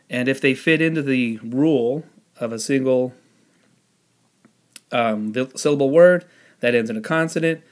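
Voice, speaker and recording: A man teaching a spelling lesson, explaining the rules patiently step by step and pausing on the odd "um". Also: medium pitch. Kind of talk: spelling lesson with classroom instructions.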